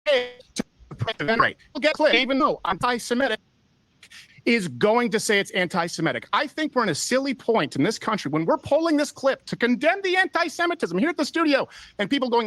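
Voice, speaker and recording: A speaker in a played clip, explaining things in a measured, analytical way. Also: mid-range voice, very animated, a bit bright, no room sound, poor audio. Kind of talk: analytical commentary.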